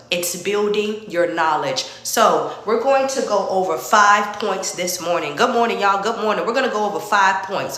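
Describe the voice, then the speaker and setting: A young woman preaching in a relaxed, conversational way, circling back to the same phrases again and again. She keeps turning to her listeners with "right?" and "y'all". Her voice sits at an ordinary middle pitch and rings around a roomy, echoey space. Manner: repetitive, call-and-response asides like "right?" and "y'all". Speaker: faith and life coach. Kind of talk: informal sermon to a camera.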